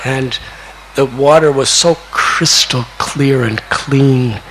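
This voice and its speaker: An older man in his sixties, a spiritual teacher telling a devotional story in a slow, deliberate way that climbs to excited peaks. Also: mid-range voice, slight background noise, low-quality recording. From United States. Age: 60s.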